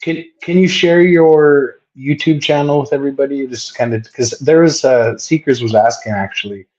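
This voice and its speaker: A man hosting a casual interview, easygoing and quick to agree. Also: mid-range voice, a little mellow, lo-fi sound. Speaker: host.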